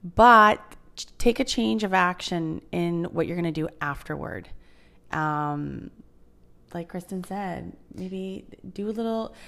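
A woman's voice: on the low side, slow, gravelly, a bit bright. A woman hosting a casual chat, enthusiastic and swearing freely. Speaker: podcast host.

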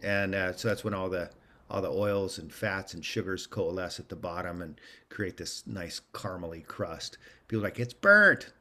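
A man chatting casually as a guest, relaxed and agreeable. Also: low-pitched, normal speed. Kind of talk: casual chat.

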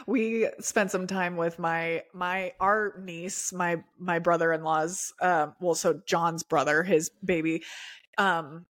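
Bubbly young woman, slightly low voice. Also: fairly even intonation, takes it slowly, a bit bright. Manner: bubbly, enthusiastic, laughs often. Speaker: podcast co-host. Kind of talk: casual chat.

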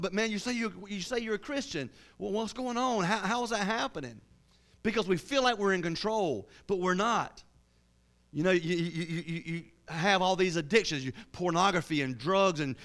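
A man's voice: a little high, lively intonation, normal speed, fairly bright tone. A man preaching a sermon with fervour, often repeating and restarting his words.

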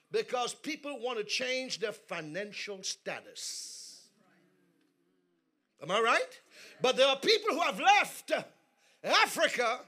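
A man preaching a sermon in a church service, telling humorous stories and leading the congregation in call-and-response that builds to shouting. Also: extremely high pitch. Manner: humorous storytelling asides. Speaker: guest preacher.

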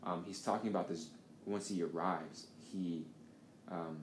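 A podcast host tells a story in a loose, meandering style, swearing plenty as he goes. His voice is low, with fairly level intonation and a measured pace. The room echoes and carries a faint background noise.

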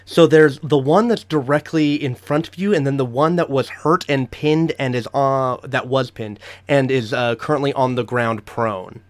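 A man's voice: mid-range voice, moderate pace, few pauses. A man running a tabletop game as game master, narrating the action vividly and chatting with frequent fillers.

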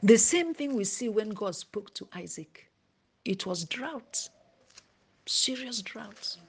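A woman preaching a sermon, dropping to a hushed whisper at times and rising to emphasis. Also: mid-range voice, animated, slow, breathy edge.

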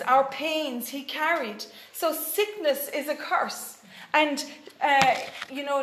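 A woman's voice: high-pitched, roomy sound. A woman preaching a sermon in an earnest way, with frequent fillers and restarts.

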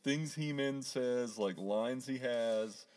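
A man co-hosting a podcast, chatting casually and laughing often as he retells a cartoon with animated energy. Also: medium pitch, slow. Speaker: podcast co-host. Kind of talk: casual chat.

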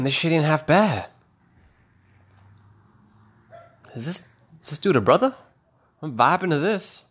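A chatty, dramatic male security guard exclaims in a high, swooping voice full of slang, as a man acts him out on stage. His pitch leaps around as he reacts. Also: a bit bright, breathy edge, heavily acted. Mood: amazed.

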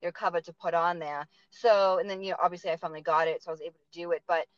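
A woman's voice: fairly low pitch, steady tone, very fast, no echo, muffled recording. A woman with a Boston accent hosting a casual interview, talking chattily with lots of fillers. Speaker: podcast host.

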